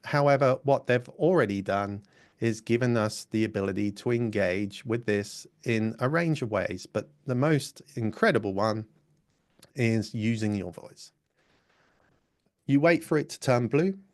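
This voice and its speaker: A man's voice: mid-range voice, lively intonation, unhurried. A man presenting a live webinar, explaining step by step in a casual way. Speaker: workshop presenter.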